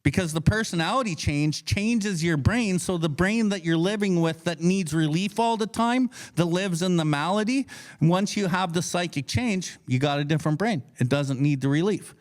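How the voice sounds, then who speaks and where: Man, slightly high pitch, blunt, profane, casual teaching talk, recovery book study co-host. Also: normal speed. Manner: blunt, heavy swearing, acts out his own inner voice.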